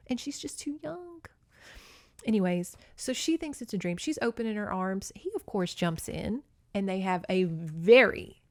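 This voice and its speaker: A woman with a middle-pitched voice hosts a podcast and recaps a novel in loose, candid talk. She swears freely and slips into the characters' lines as she tells the story. The sound is dry and close, with no room echo. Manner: candid and profane, with frequent swearing; animated storyteller who acts out the characters' lines. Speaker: podcast host. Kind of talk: casual book recap.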